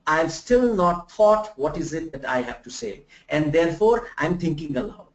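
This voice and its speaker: A man from India teaches a remote class on soft skills, his voice high and lively as he poses rhetorical questions and acts out examples. The sound is roomy and dull, like a lo-fi recording in an echoing room. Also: moderate pace. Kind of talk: live remote lecture. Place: room in Bangalore.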